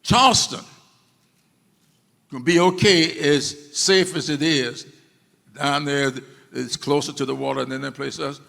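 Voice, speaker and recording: A man's voice: fairly high pitch, unhurried, vocal fry, pauses often, bright, forceful tone. A man giving an emphatic public speech to an audience, repeating key phrases for stress. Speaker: speaker addressing an audience. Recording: long reverb of a hall.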